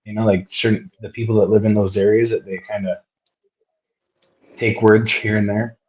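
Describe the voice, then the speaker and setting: A man hosting a casual interview, easygoing and quick to agree. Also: fairly low pitch, little pitch movement, a little mellow, lo-fi sound. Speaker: host.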